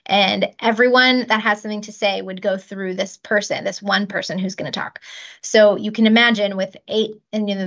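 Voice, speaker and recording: A woman's voice: mid-range voice, fairly bright tone, highs cut off. A woman in her thirties, a child life specialist, explaining practical techniques step by step in an interview. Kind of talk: podcast interview.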